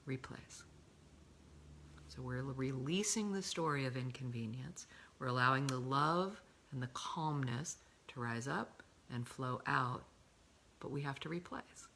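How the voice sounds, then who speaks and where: A middle-aged woman giving a calm coaching talk, often slipping into a breathy whisper and stretching key words slowly. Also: very deep voice, slight background noise. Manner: slow, drawn-out emphasis on key words. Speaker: love coach.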